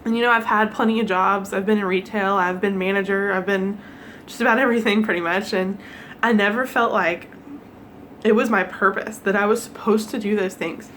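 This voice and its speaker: A young woman from the United States, teary and emotional, talking haltingly with nervous laughs in a personal vlog. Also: medium pitch, steady tone, fairly bright tone, slight background noise. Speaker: vlogger.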